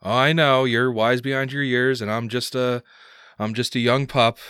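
A man's voice: mid-range voice, animated, moderate pace, fairly bright tone, dry recording, studio quality, pitched above the performer's own voice, close to an everyday voice. A man voicing a cheerful young son who has died, talking in a jokey, nervous way with laughs. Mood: teasing.

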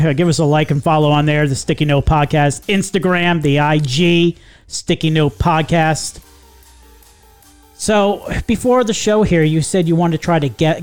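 A man hosting a podcast from a home studio, chatting casually, joking, laughing often and swearing now and then. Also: on the high side. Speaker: podcast host. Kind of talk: casual chat.

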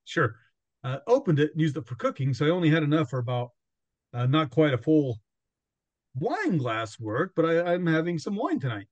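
A man's voice: fairly high pitch, big pitch swings, moderate pace, dry recording, lo-fi sound. A man hosting a podcast in casual chat, rambling and laughing often. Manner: rambling, laughing often, quotes himself and others. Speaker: podcast host.

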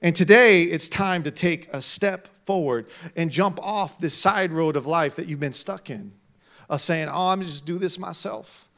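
High, bright-voiced preaching pastor. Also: male voice, measured pace. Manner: preaching, swings from quiet to shouting. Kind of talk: sermon.

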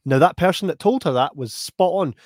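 Scottish male podcaster spinning a lively yarn, dry close sound. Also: a little high, fairly quick, no room sound. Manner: animated anecdote-telling, acting out quoted voices. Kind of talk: casual storytelling chat.

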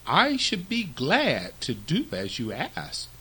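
A man's voice: fairly high pitch, huge pitch swings, takes it slowly, pushed and bright, slightly rough, full character voice. A man voicing a clever, cautious fox who speaks politely in a storybook fable. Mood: wary politeness. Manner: polite and wary.

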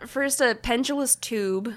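A woman's voice: on the high side, a little slow. A woman co-hosting a podcast, chatting casually, joking and reading from her notes. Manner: laughing, joking, reads from notes. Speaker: podcast co-host. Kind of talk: casual chat.

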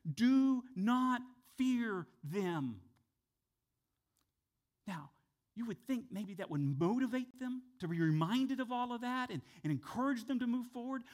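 A man delivers a sermon in a high, bright-pitched voice. He drives his points hard, then drops suddenly to a hushed, low aside, retelling scripture with dramatic weight. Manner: dramatic, acts out quotes with big swings from loud to hushed. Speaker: pastor.

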